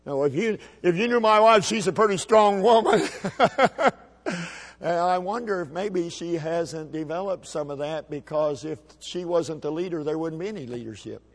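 A middle-aged man preaching a sermon as a pastor, folksy and emphatic, with shouted peaks. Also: fairly high pitch, normal speed, big-room sound. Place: church sanctuary.

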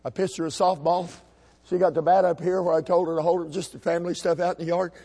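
A middle-aged man preaching a sermon as a pastor, folksy and emphatic, with shouted peaks. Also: high voice, level tone, quick pace, slightly rough, big-room sound. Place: church sanctuary.

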